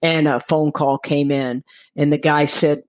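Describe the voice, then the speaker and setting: A woman's voice: low-pitched, fairly even intonation, unhurried, poor audio. A middle-aged woman from Texas sharing her personal recovery story candidly, acting out the dialogue of the people in it. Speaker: guest speaker in recovery.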